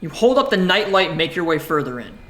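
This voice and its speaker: A man's voice: a little high, big pitch swings, fast talker, bright, forceful tone, a little hiss or hum. A man playing a text adventure and commenting casually, swearing now and then and reading the game text aloud. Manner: casual, swears, jokey self-talk. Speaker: gaming streamer.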